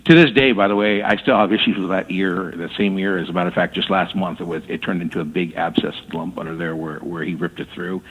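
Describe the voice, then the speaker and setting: Halting man on a tinny phone line. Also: deep voice, fairly even intonation, fairly bright tone, slightly rough, in a large hall. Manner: halting, repeats words, says "okay?". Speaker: radio interview guest. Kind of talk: casual storytelling.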